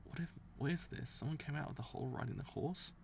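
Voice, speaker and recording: A man's voice: a little high, fast, creaky, a little hiss or hum. A man streaming a live manga reaction, reading along and exclaiming in disbelief.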